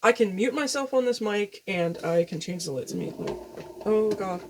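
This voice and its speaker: A woman's voice: mid-range voice, lively intonation, fairly quick, background noise. A young woman vlogging casually at home into a gaming headset mic, rambling, self-deprecating and swearing freely. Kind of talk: casual chat. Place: room at home. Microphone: video game headset mic.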